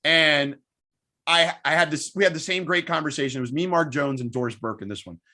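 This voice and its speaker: A sports broadcaster appears as a guest in a casual interview, his voice on the high side. He tells stories quickly and with animation.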